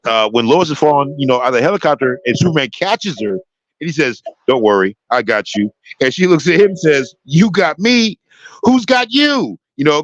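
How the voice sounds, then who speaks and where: Man, show host, casual chat, enthusiastic, rambling, mid pitch, dry close sound, slightly dull lo-fi mic. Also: dry recording. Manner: enthusiastic, rambling, many restarts.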